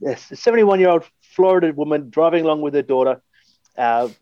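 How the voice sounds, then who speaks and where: A man's voice: fairly high pitch, fairly quick, warm tone, no echo, lo-fi sound. A man with an Australian accent co-hosting a podcast, reading odd news stories, laughing often and cracking crude jokes and puns. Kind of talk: casual chat.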